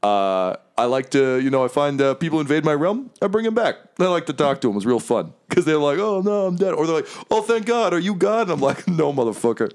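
A man's voice: on the high side, big pitch swings, a little fast, few pauses, voice pushed up. A man voicing a flippant male fiend who rules a fiery underworld, talking in crude, laid-back bro slang. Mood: smug.

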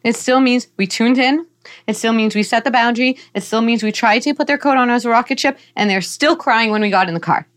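A woman's voice: fairly high pitch, a little fast. A middle-aged woman psychologist, a guest on a podcast, explaining parenting in an earnest, teaching way. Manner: earnest, explanatory, playfully animated in examples.

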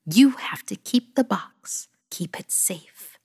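A woman's voice: mid-range voice, expressive, slow pace, breathy edge, in a whisper, full character voice. Woman putting on a solemn, tender old granny. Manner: soft, solemn, firm. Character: frail elderly grandmother, stern yet loving.

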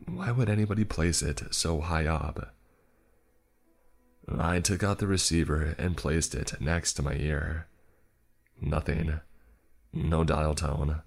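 A man's voice: rumbling low, vocal fry. A man narrating a first-person story in a wry, exasperated way.

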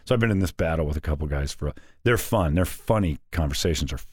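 A man co-hosting a podcast in casual banter, sarcastic and mocking, often slipping into quick mock voices. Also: very deep voice, lively intonation, husky, no echo. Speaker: podcast co-host.

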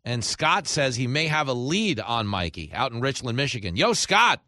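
A man hosting a radio talk show from a studio, speaking. His voice is bright and forceful, recorded dry and close. He tells stories with animation and bursts into shouted impressions. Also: medium pitch, moderate pace, no room sound. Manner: animated storyteller, acts out shouting characters.

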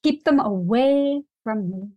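A woman, a food writer, chatting casually as a podcast guest, emphatic and opinionated with quick asides. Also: a little high, animated, dull audio, a loud crowd.

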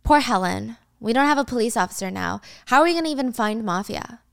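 An anxious high school boy, as a woman voices him in her own recap voice, frets about what to do next. His questions come quick and uneasy, in a smooth, clear tone. The sound is close and dry. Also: lively intonation, dry recording. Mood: worried. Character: worried male high school student.

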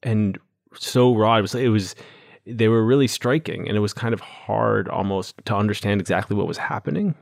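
Gravelly low-voiced male podcast host. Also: steady tone, no echo, studio quality. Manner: halting, searching for words. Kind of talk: conversational interview.

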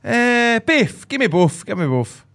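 Excitable high-voiced Scottish man. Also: unhurried. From Ayrshire, Scotland. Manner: excitable, loud, sweary joking. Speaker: podcast co-host. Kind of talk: casual podcast banter.

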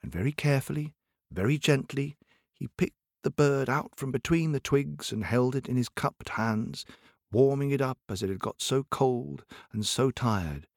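A man telling a folk tale to children in a playful, expressive way, speaking straight to his listeners. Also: mid-range voice, normal speed, gravelly, dry recording, studio quality. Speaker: storyteller. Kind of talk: animated storytelling for children.

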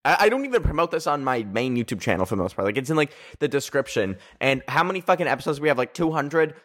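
A man's voice: mid-range voice, big pitch swings, fast talker, a bit bright. A young man hosting a solo podcast, with a whiny, nasal voice, rambling through a story full of fillers and swearing. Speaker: podcast host.

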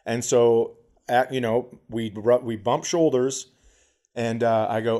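A man's voice: mid-range voice, steady tone, slow pace, dark tone. A man co-hosting a podcast, telling a story in casual chat, acting out the quotes and swearing a lot. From American Midwest. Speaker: podcast co-host, comedian.

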